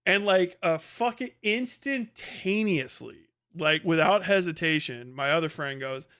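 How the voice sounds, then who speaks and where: A man's voice: a little high, expressive, a little slow, pushed and bright, smooth. A male livestream host telling a rambling, profane story in a casual way, with lots of filler words.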